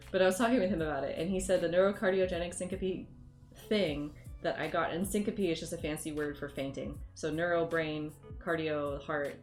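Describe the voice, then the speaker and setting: Lowish-voiced woman streamer just chatting, laughs a lot, roomy room with faint music behind. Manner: rambling, laughs often, animated storytelling. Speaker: livestreamer. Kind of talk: casual chat with viewers.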